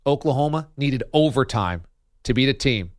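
Emphatic sports radio host, dry sound. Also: male voice, medium pitch, lively intonation, moderate pace, dry recording. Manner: emphatic, argumentative, punchy repetition. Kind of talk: opinionated sports commentary.

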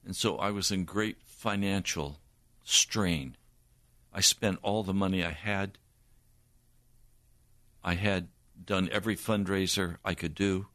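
An older man, a preacher, giving an earnest personal testimony in a slow storytelling manner. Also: low voice, steady tone, sharp tone, dry recording.

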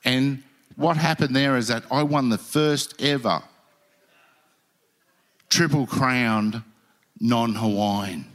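A man's voice: medium pitch, slow pace, long pauses, fairly bright tone, slight background noise. A man telling surfing stories in casual chat, heated and swearing. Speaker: podcast guest, former pro surfer.

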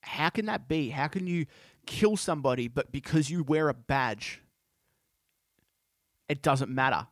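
A man hosting a podcast, speaking in an impassioned, halting way with many restarts. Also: a little high, no room sound, studio quality. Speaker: podcast host. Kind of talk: casual monologue.

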